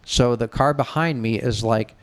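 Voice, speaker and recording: A middle-aged man from the Detroit area, co-hosting a podcast, tells a story in casual, frank and profane talk, acting out the voices of people he quotes. His voice is mid-range at normal speed.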